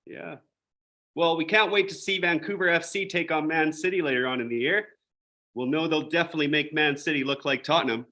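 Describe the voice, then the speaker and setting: Bright-voiced radio host joking. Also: male voice, a little high, a little fast. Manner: jokey, dry sarcasm. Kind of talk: comedic radio banter.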